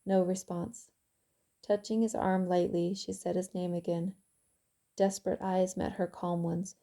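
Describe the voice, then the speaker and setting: A woman author reading her own novel aloud in calm, even audiobook narration. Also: lowish voice, unhurried.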